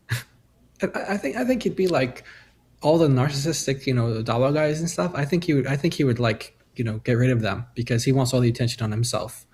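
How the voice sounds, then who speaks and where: A man co-hosting a casual live stream, laid-back and halting as he joins in the chat. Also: medium pitch, expressive, a little mellow, a little hiss or hum. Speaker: co-host.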